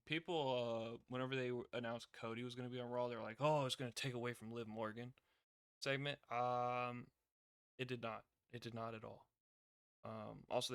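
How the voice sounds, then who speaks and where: A young man casually reviewing a wrestling show, rambling with many fillers and getting loud when excited. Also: medium pitch, smooth, no echo, clean studio sound.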